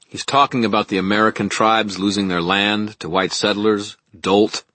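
A brash, sarcastic young wizard, put on by a man reading aloud. He pushes his lines up in a raised, heated register over a husky, dry-sounding voice. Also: on the low side, fairly even intonation, normal speed, bright, forceful tone, no echo, voice pushed up. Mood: scornful. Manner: sarcastic, defiant.

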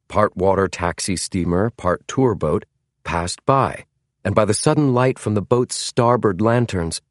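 A man narrating a novel as an audiobook in a measured, dramatic storytelling manner. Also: medium pitch, no room sound, clean studio sound. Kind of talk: scripted narration.

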